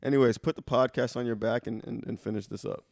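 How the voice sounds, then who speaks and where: A young man co-hosting a podcast, talking in a laid-back, profane way with halting restarts. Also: mid-range voice, steady tone, gravelly, darkish tone, a little hiss or hum. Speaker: podcast co-host. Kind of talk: casual chat.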